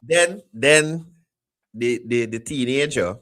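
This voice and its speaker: A man hosting a call-in talk show, animated and repeating his phrases. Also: fairly high pitch, moderate pace.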